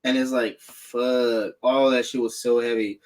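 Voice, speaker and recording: A man chatting casually about a film on a podcast, swearing freely, laughing often and acting out lines in a raised voice. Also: a little slow. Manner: animated, laughs often, acts out characters in high voices. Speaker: podcast co-host. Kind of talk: casual profane chat.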